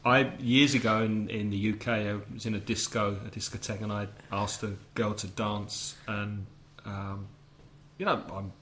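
Relaxed English man co-hosting a podcast. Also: on the low side, moderate pace, a little hiss or hum. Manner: relaxed, self-deprecating, laughs easily. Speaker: podcast co-host teaching English phrasal verbs. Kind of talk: casual language-learning podcast chat.

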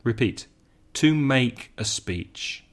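Slow, deliberate male English teacher. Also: medium pitch, animated. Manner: slow, deliberate, repeats phrases for learners; adds brief Spanish glosses. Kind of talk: language lesson.

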